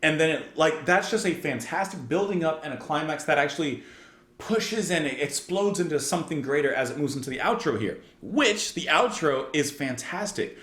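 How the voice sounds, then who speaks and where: Animated man gushing over a song. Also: a little high, normal speed, roomy sound. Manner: enthusiastic, rambling, full of "like" and restarts. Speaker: music reaction channel host. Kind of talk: casual spoken song review.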